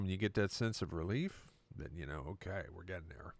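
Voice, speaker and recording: A male musician and producer chatting casually on a live stream from his recording studio, relaxed and explanatory. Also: low voice, a little fast, dry recording.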